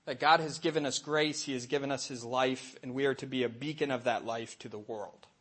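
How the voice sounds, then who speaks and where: A middle-aged man, a Catholic catechist, giving a lively faith talk to an audience and acting out little voices in his stories. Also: medium pitch, fairly quick, husky. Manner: animated storytelling, acts out voices and asides.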